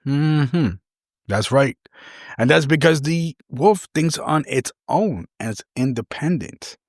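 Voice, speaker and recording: A man's voice: fairly high pitch, animated, slow pace, no echo, studio quality. A man, hosting a podcast and telling a personal story in an earnest, rambling, conversational way. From New York City. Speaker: podcast host.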